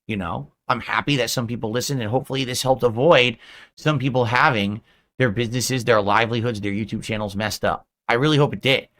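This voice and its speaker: A man's voice: mid-range voice, fairly quick, fairly bright tone. A man streaming, delivering a self-pitying, lecturing monologue to his viewers.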